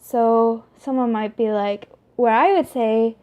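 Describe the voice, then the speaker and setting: A young woman talking casually to the camera in a vlog, chatty and animated, with many fillers and restarts. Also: on the high side, slow, dull audio. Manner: animated, talks with her hands. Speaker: vlogger.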